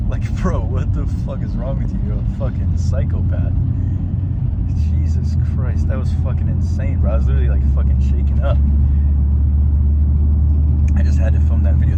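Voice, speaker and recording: Profane excitable young guy in a car. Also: on the low side. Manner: profane, excitable, heavy use of "bro" and "like". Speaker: vlogger recounting driving incidents. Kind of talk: casual rambling rant. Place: inside a car. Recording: dull lo-fi sound with loud road noise.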